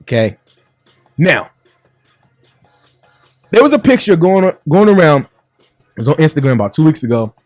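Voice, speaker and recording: A man's voice: fairly high pitch, darkish tone, no room sound. A man hosting a sports talk show, joking and chatty, in a studio. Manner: upbeat, joking, laughs often. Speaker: sports radio host.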